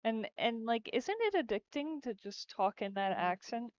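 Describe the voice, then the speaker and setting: A woman's voice: fairly high pitch, very animated, normal speed, clear, resonant tone, no echo. A woman game developer chatting casually during a livestream as she works, giggly and rambling. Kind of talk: casual chat while working on a livestream. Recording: dull lo-fi stream audio.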